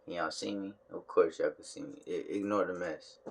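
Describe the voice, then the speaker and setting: A man's voice: low-pitched, fairly even intonation, normal speed, creaky, slightly rough. A tired man talking casually to his phone camera at home, in a laid-back, slangy way that drawls and trails off. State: tired, yawning. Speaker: vlogger. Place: home room.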